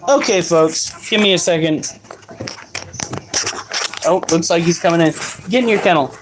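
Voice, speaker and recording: Man, casual live stream, profane joking manner, slow delivery, faint background noise. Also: on the high side. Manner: profane, joking, scolds his dogs. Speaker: livestreamer caring for pets. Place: at home with animals.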